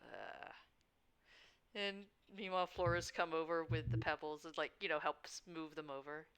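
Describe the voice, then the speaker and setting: A woman narrating as game master of a tabletop game, unhurried and often laughing. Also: deep voice, fairly even intonation, a bit bright, clear, resonant tone.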